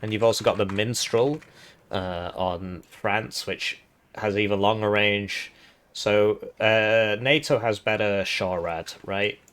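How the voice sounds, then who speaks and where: A man with a lowish voice talks through strategy game tactics in a loose, explanatory way, tagging points with quick questions. His voice is hoarse and wearing out. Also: steady tone, fairly bright tone. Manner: chatty, explanatory, tag questions. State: hoarse, voice giving out. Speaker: gaming video host. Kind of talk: casual game analysis.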